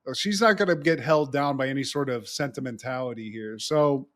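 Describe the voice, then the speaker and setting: A man's voice: mid-range voice, brisk, a bit bright. A man co-hosting a podcast, animatedly retelling a TV episode in casual chat and swearing freely. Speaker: podcast co-host.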